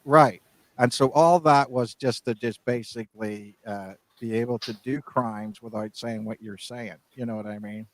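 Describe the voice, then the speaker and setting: A man's voice: medium pitch, steady tone, normal speed, no room sound, poor audio. A man co-hosting a casual podcast, rambling and often restarting his sentences. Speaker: podcast co-host.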